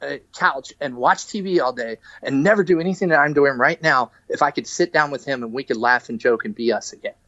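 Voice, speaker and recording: A man speaking candidly on a podcast, his voice in a middle register and his words halting and full of restarts as he works through a painful story. The sound is dry and a little muffled. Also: medium pitch, pushed and bright, dry recording. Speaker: guest, musician. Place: podcast studio.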